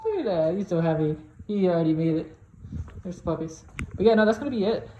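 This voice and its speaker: A woman's voice: lowish voice, expressive, fast, muffled recording. A woman giving casual unboxing commentary at home, chatty and slangy, talking to a robot vacuum as if it were a person. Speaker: product reviewer. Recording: noisy home recording.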